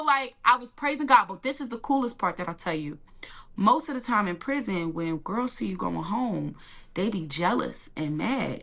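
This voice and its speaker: A woman giving an emotional personal testimony in an interview, animated and colloquial, acting out the lines she quotes. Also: fairly low pitch. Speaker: interview guest.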